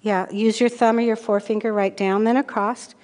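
A woman pastor giving a children's sermon, gently asking the kids questions. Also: mid-range voice, level tone, brisk. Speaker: pastor leading a children's message. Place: church sanctuary. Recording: long church reverb.

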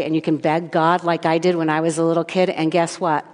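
A woman's voice: low-pitched, fairly even intonation, fairly quick, hardly any pauses, a little mellow, big-room sound. A woman giving a children's sermon in church, asking the children questions and telling playful stories from her own childhood.

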